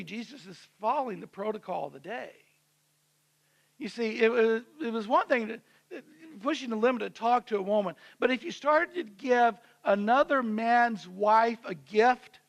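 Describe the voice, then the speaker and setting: High-voiced male pastor telling a story. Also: vocal fry, a bit bright. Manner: conversational storytelling, acting out the characters' voices. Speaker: senior pastor. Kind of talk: sermon. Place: church.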